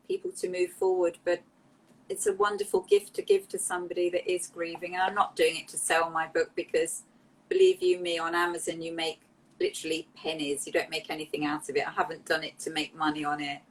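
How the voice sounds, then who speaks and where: A woman, an interview guest telling personal stories in a heartfelt, emotional, animated way. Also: fairly low pitch, low-quality recording. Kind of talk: candid interview storytelling.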